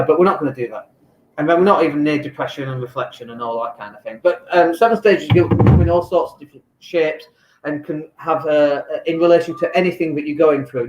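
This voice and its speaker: Ranting man in an echoey room. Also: on the high side. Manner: exasperated, ranting, blunt. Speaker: vlogger. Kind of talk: casual lockdown vlog rant. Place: home in Spain.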